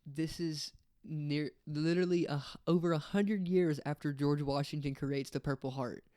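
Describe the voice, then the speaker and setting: A man's voice: on the high side, fairly even intonation, a little mellow, dry recording. An American man co-hosting a podcast in casual chat, joking and teasing. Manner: jokey, playful, quick to tease. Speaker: podcast co-host. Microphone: dynamic vocal mic.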